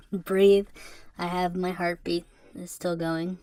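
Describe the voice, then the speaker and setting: A woman talks alone into a podcast mic in a fairly low voice. She sounds depressed and subdued, and her confessional monologue is halting and rambling. Rueful laughs break up her sentences. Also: monotone. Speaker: podcast host. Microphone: podcast microphone.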